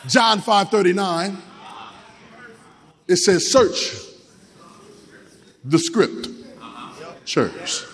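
A high-voiced man preaches to a congregation, dropping into low, rapid asides and then shouting lines to be repeated back. His voice carries a long reverb from a large hall. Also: lively intonation. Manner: call-and-response, repeats phrases, shifts from low talk to shouting. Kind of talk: sermon.

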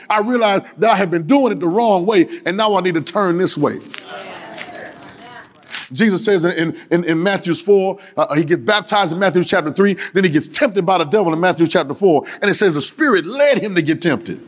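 High-voiced preacher calling to his congregation. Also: brisk. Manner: call-and-response, lively and joking with the congregation; breaks into shouts and sung phrases. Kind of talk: sermon.

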